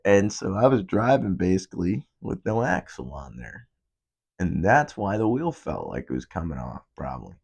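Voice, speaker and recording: A man's voice: sits low, wildly swooping pitch, normal speed, gravelly, husky. A young man hosting a podcast, telling a rambling, profane story in a casual monologue. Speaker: podcast host.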